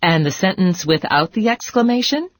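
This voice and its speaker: Female teacher for a lesson video: patient, encouraging, lower voice with a breathy edge. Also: expressive, moderate pace. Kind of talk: scripted educational dialogue.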